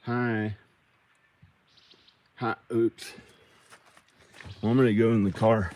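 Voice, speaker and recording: A man rambles to himself while filming a casual vlog on a phone outdoors and in his car. He speaks slowly with a fairly low but lively, swinging voice. Steady background noise runs under his talk. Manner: rambling, talking to himself, giggly. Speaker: vlogger. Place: outdoors near his house, then in his car.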